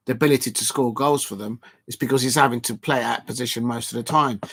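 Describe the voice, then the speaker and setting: A man's voice: medium pitch, fairly bright tone. A man hosting a casual football live stream, talking in a rambling, emphatic way with frequent restarts.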